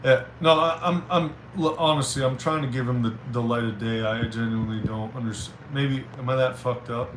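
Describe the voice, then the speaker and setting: A man streaming live, chatting casually and reading viewer messages aloud with halting restarts. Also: mid-range voice, steady tone. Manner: rambling, reads chat aloud, halting restarts. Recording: roomy with faint noise.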